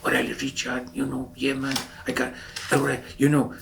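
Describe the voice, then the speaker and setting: A man's voice: mid-range voice, monotone, moderate pace, gravelly, noisy background, pitched above the performer's own voice, natural voice. A man doing a laid-back East LA shipmate. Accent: East Los Angeles. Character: easygoing young male shipmate from East LA.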